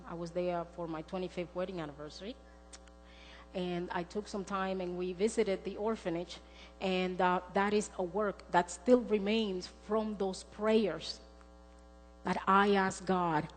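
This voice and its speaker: A middle-aged woman preaches in a church, telling her own story with earnest warmth. Her voice carries a long echo through the sanctuary. Faint music lingers in the background. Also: medium pitch. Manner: earnest, storytelling, acts out quoted dialogue. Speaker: speaker. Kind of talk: sermon with personal testimony.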